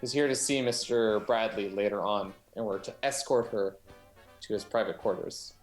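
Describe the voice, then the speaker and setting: A man playing a tabletop game with friends, eagerly pitching plans. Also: normal speed, reverberant, soft background music, rough recording. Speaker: player. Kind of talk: casual tabletop game chat.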